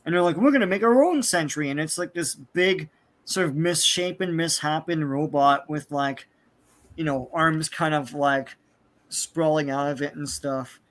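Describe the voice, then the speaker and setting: A man's voice: fairly high pitch, fairly even intonation, unhurried, a bit bright. Rambling man recapping comics. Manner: rambling, many fillers, acts out characters' lines. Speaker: podcast host. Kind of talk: casual comic book recap chat.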